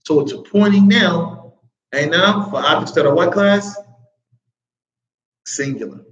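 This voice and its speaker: A man's voice: high voice, measured pace, fairly bright tone. A man teaching an Arabic grammar class, constantly quizzing his students with "what?" prompts. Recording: roomy, dull classroom recording.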